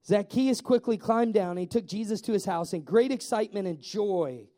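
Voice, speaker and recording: Male pastor, high mellow voice, animated storytelling sermon. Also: moderate pace.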